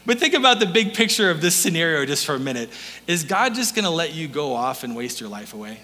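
Bright-voiced man preaching in a hall. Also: on the high side, sing-song, fast talker. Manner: playful storyteller, chuckles between points. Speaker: pastor. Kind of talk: sermon. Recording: long hall reverb.

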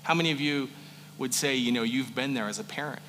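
Bright-voiced pastor man preaching. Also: medium pitch, fast, big-room sound, a little hiss or hum. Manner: conversational, shifting from joking asides to hushed earnestness. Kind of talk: sermon.

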